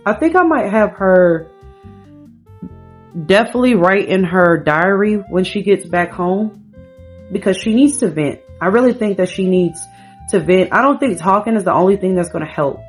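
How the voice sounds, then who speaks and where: Chatty woman narrating her game. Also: medium pitch. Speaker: gameplay streamer. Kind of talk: casual let's-play commentary.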